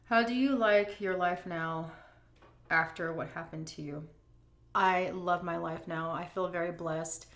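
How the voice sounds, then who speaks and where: Middle-aged woman vlogger, frank and emotional, slightly low voice, echoey room sound. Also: fairly even intonation, a bit bright. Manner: candid, emotional, drawn-out emphasis. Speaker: vlogger answering viewer questions. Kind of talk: casual Q&A chat.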